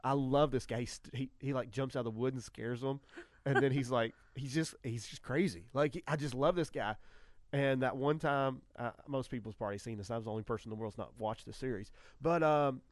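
Male radio host, middle pitch, dry studio sound, animated and excitable with restarts. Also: brisk, no room sound. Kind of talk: casual chat.

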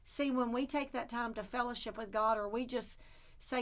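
A woman's voice: fairly high pitch, steady tone, normal speed, a bit bright. A woman preaching fervently in conversation, quoting scripture and answering with affirmations.

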